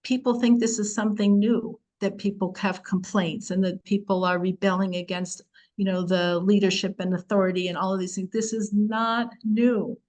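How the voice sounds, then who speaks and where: Chatty, expressive woman teaching Torah. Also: mid-range voice, normal speed, poor audio. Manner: chatty and expressive, acting out the verses with humor. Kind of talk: casual Torah class.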